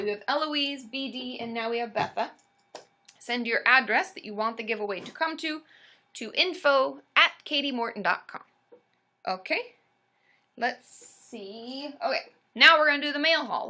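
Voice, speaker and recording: A young woman chatting excitedly to her viewers while opening fan mail, often squealing with delight. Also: a little high. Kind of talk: casual livestream chat.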